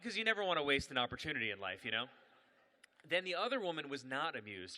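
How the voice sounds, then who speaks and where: Animated, bright-voiced male comedian. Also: medium pitch, quick pace, in a large hall. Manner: animated, self-mocking, laughing. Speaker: comedian and event host. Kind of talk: live stand-up storytelling.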